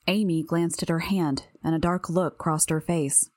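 Low-voiced woman reading an audiobook. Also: fairly even intonation, a little slow, hardly any pauses, a little mellow, dry recording. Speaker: audiobook narrator. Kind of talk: first-person audiobook narration.

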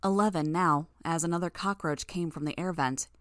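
A woman narrating fiction in the first person, in a measured, tense way. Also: fairly low pitch, no echo, studio quality. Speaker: audiobook narrator.

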